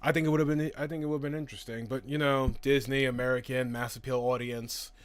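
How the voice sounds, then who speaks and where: A man in the middle of a casual live stream, working through chat questions one by one. He talks in a loose, profane, chatty way and laughs easily. His voice sits at an ordinary middle pitch and comes across dry and close, with no room echo. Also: steady tone, fast talker, smooth. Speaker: host answering chat questions.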